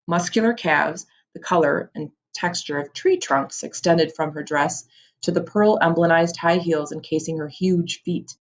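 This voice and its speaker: A woman with a low voice reads a fantasy novel aloud. She keeps it casual and fixes her own slips as she goes. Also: a little slow. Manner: self-correcting, casual. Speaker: audiobook reader.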